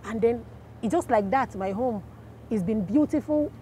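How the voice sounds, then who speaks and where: A woman with a Nigerian accent giving a casual testimony, telling her story in a lively way and acting out the voices of the people in it. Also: fairly high pitch, moderate pace, a little hiss or hum. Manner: animated storyteller, acts out quoted voices.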